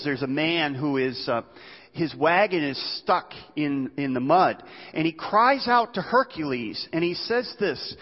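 A male preacher giving a sermon, telling stories in a conversational way and asking the listeners rhetorical questions. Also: a little high. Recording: long hall reverb, dull sound.

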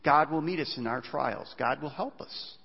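A man preaching a sermon as pastor, animated and often voicing cries of despair. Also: on the high side, moderate pace, gravelly, husky. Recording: dull sound, long reverb of a large hall.

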